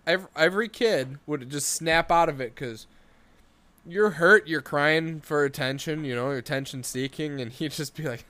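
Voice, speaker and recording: A man's voice: on the high side, normal speed, bright, forceful tone. A man in casual podcast chat, telling rambling family stories and acting out the quoted voices.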